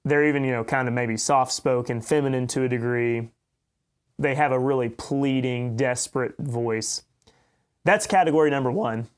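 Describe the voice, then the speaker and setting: A man with a light Oklahoma accent delivers a blunt, opinionated podcast monologue. He enunciates his words carefully, and his voice sits at an ordinary middle pitch. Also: normal speed, clear, resonant tone. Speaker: podcast host. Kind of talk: commentary monologue.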